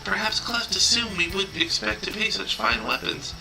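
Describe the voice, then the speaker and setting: A courteous teenage girl, voiced by a man, speaks in a raised, gentle voice. She sounds apologetic and careful with her words. The lines are read from a game. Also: high-pitched, moderate pace, gravelly, loud music behind the voice, pitched above the performer's own voice, low-quality recording. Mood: polite. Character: polite soft-spoken teenage girl.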